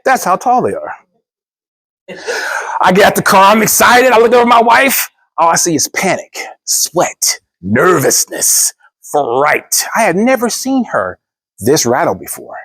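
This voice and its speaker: A man telling a funny personal story in an expressive, theatrical way, then signing off his channel. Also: sits high, measured pace, husky. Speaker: storyteller, YouTuber. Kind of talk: animated storytelling speech.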